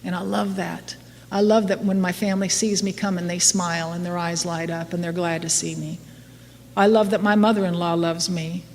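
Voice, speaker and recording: A woman's voice: fairly low pitch, level tone, normal speed. A middle-aged woman giving a candid, self-mocking recovery talk to a live audience, laughing often. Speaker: AA speaker. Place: meeting hall before an audience. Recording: live hall with long reverb, faint noise.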